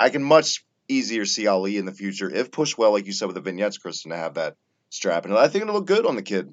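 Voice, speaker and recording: A man hosting a casual podcast chat, jokey and animated, from the Baltimore area. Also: on the low side, fast talker. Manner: animated, jokey, swings loud and soft. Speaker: podcast host. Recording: dull lo-fi sound.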